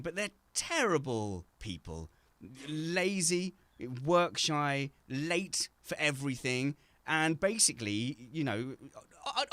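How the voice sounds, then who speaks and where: A man's voice: a little high, pushed and bright, no room sound. A man hosting a casual video-call chat from home, joking and teasing, with frequent stumbles and restarts. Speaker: host.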